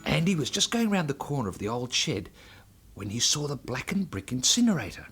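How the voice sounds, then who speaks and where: A man narrating a children's story in an expressive, animated way. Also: medium pitch, brisk, gravelly, soft background music. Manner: expressive, building to excited shouting.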